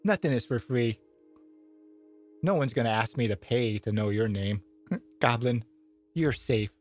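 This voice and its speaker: A man's voice: medium pitch, lively intonation, a little slow, faint music behind, lightly acted. A man voicing a sly, bargaining old woman with a cane in a tabletop game, teasing and bossy.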